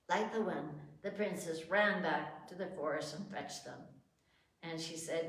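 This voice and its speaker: A woman reads a sacred story aloud in a measured, even way, her voice set low. The hall is echoing, and she sits far from the mic. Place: ashram hall.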